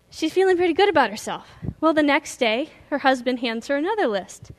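Woman pastor, earnest and emphatic sermon, high pitch, storyteller. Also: expressive, a little fast, few pauses.

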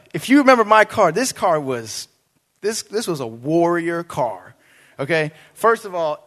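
A young man preaching a sermon in a casual, joking way, mixing faith points with animated personal stories. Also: on the high side. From Mexican background. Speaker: pastor.

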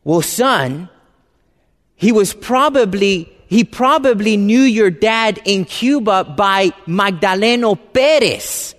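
A man's voice: sits high, expressive, slow. A man voicing his elderly mother as she explains family history in a matter-of-fact way. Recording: reverberant hall.

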